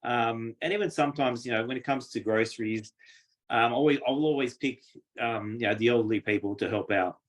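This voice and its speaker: Fairly quick and mid-range in pitch, an Australian man chats away as an interview guest, telling casual stories. Whenever he quotes someone, he acts the dialogue out in a lively voice.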